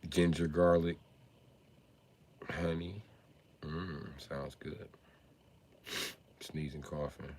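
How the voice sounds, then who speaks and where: A man's voice: a bass voice, very slow, long pauses, breathy edge. A man hosting a casual livestream, ranting and joking with a lot of swearing. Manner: animated, profane ranting, laughs at his own jokes. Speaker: livestream host.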